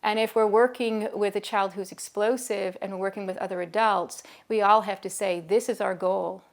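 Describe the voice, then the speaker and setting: A woman's voice: medium pitch, steady tone, normal speed. A middle-aged woman, a school behavior consultant, explains classroom self-regulation in a conversational teaching video and acts out dialogue from her anecdotes. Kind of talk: talking-head teaching video.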